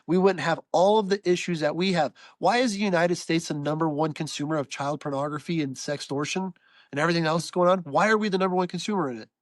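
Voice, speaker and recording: A man's voice: on the high side, fast talker, no room sound. A man ranting as a podcast guest over a video call, profane, with a stuffed-up, nasal voice. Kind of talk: casual podcast chat.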